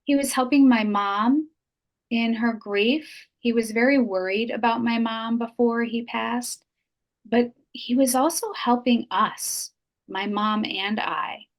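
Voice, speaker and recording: A woman's voice: a little high, fairly even intonation, slow pace. A middle-aged woman, a podcast guest, telling an emotional personal story in an earnest, heartfelt way and repeating phrases for emphasis.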